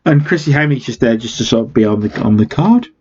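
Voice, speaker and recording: A man's voice: medium pitch, animated, fast talker, a little mellow, breathy edge, dull audio. A man casually recapping a wrestling management game, chatty with wry asides. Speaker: game let's-player.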